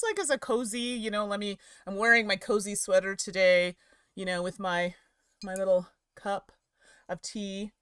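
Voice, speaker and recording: A middle-aged woman talks casually to her livestream chat from home, rambling from one aside to the next and laughing often. Her voice is bright and forward, and it sounds dry and close to the mic. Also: mid-range voice, smooth, dry recording. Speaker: streamer and game reviewer. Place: home office.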